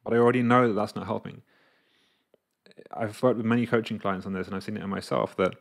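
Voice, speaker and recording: A man's voice: sits low, vocal fry. A man talking casually to camera as a coach, explaining an idea through his own examples and acting out his inner voices. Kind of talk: casual reflective monologue to camera.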